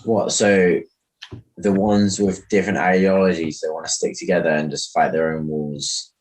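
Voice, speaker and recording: A man's voice: deep voice, little pitch movement, normal speed. A man chatting with friends, cutting in with blunt, teasing remarks. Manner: blunt, teasing interjections with swearing. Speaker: podcast co-host. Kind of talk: casual chat.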